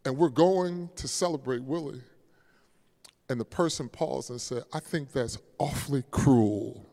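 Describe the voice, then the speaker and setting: A man preaching a sermon as pastor, moving from forceful declarations to a hushed storytelling tone. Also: medium pitch, a little slow. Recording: long church reverb.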